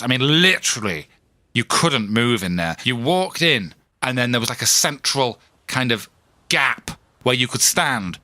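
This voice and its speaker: A man's voice: mid-range voice, pushed and bright, no echo. A man hosting a solo podcast, rambling in a chatty, self-deprecating way full of asides and restarts. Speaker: podcast host.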